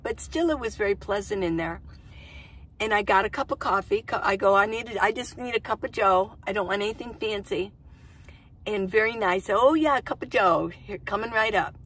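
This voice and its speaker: A woman's voice: mid-range voice, fairly bright tone, breathy edge. A woman in her sixties, a van-life vlogger, casually telling a story to camera in a chatty, rambling way, acting out what people said. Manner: chatty, rambling, acts out quoted dialogue.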